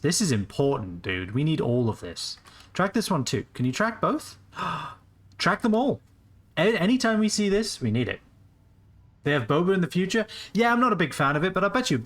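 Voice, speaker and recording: Animated late-twenties streamer man. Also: fairly high pitch. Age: late 20s. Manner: rambling, casual, swears freely. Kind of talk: live gameplay commentary.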